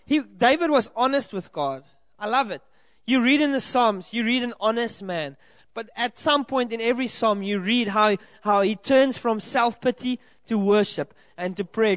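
A man's voice: extremely high pitch, moderate pace, a bit bright, no echo. A man from South Africa preaching a sermon to a congregation, earnest and encouraging, speaking directly to the people in front of him. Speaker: pastor. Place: church hall with a congregation.

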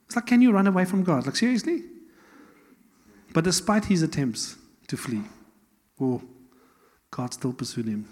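A man preaching in a conversational, animated way, tossing in rhetorical questions and laughs. His voice is fairly high and a little husky. The sermon rings out with the long reverb of a church hall. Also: normal speed, pauses often. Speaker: pastor.

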